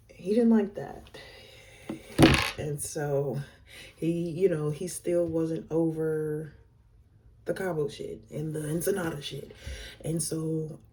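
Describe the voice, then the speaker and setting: A young woman telling a casual storytime vlog, slangy and animated, with fillers all through. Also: sits low, far from the mic, noisy background. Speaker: vlogger.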